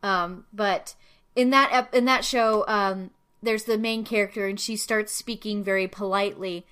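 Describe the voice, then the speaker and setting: Casting: bright, clear woman as a chatty host who rambles with lots of "um"s. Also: mid-range voice, steady tone, normal speed. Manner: chatty, explains at length with many fillers. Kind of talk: casual chat.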